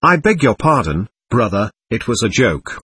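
A man voicing a grave, deliberate grizzled peasant in an audiobook, with a slightly husky voice. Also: medium pitch, sing-song, fairly bright tone, exaggerated voice. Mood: calm.

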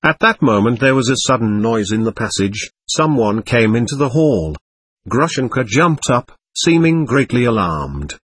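A man narrating a classic novel aloud with a dramatic, expressive reading. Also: mid-range voice, normal speed, husky, no echo. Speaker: audiobook narrator.

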